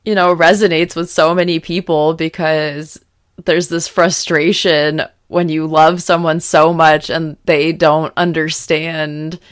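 A young woman hosting a podcast, recapping a TV episode in frank, casual chat full of "like" and raising her voice when excited. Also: fairly low pitch, smooth, no echo, clean studio sound. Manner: chatty, frank, lots of "like" fillers; gets loud when excited. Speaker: podcast host recapping a TV series.

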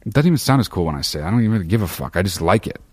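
A man's voice: low voice, big pitch swings, very fast, a little mellow, slightly rough. A man talking to listeners in a casual monologue, profane and opinionated, rambling through fillers and restarts.

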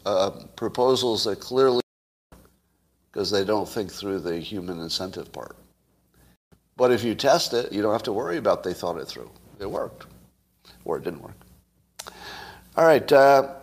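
Low-voiced guy doing solo commentary, argues it out, pitch and volume swing all over. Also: husky. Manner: conversational, argumentative, asks the audience questions; wide swings in pitch and loudness. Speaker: commentary show host.

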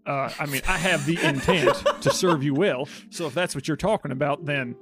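A man speaking in character during a tabletop game, with a fast, fawning, folksy patter. Music plays loudly behind him. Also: a little high. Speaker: player. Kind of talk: in-character tabletop role-play.

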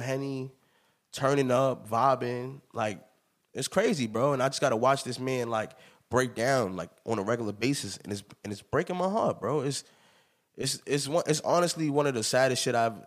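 A man in his thirties hosting a podcast, telling stories in an emphatic, animated way with plenty of laughter. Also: medium pitch. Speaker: podcast host. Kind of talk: casual chat.

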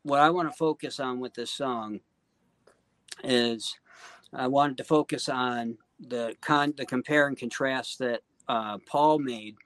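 Brief: earnest male guest, mid-pitched, dry close sound, sincere, meandering. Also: takes it slowly, a bit bright, no echo. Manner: earnest, heartfelt, full of "you know" and "um". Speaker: guest singer-songwriter. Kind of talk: casual podcast interview.

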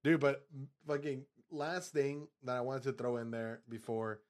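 A man's voice: medium pitch, unhurried. Laid-back, swearing man chatting. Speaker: podcast co-host. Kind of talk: casual chat.

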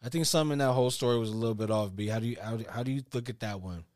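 A male podcast co-host with easygoing, slang-heavy chat who steers the talk to the next topic. His voice sits at an ordinary pitch for a man. The mic picks him up dry and close. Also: rapid-fire, darkish tone, dry recording. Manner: slangy, laid-back, brings up topics. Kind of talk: casual chat.

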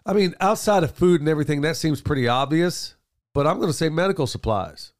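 A man's voice: on the high side, animated, fairly quick. A man with a congested voice from a cold, co-hosting a podcast in a folksy, casual way and calling listeners folks and y'all. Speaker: podcast co-host, father. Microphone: studio mic with headphones.

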